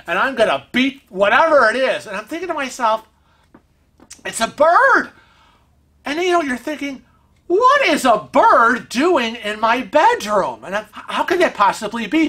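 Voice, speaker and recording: A man hosting a vlog, telling a story at home in an animated, chatty way. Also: sits high. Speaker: vlog host. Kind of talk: casual storytelling. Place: family room at home.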